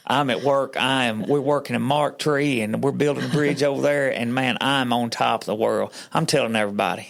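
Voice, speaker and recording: Gravelly man telling his story. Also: mid-range voice, brisk, hardly any pauses. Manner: folksy storyteller who acts out the other people's lines. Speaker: podcast guest. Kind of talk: telling his faith story in casual chat.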